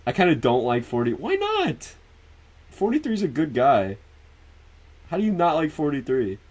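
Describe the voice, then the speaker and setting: A man's voice: mid-range voice, sing-song, a little fast, a little mellow. Man, livestreamer, casual chat, swears a lot, laughs often, answers viewers. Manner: loose, profane, laughs often.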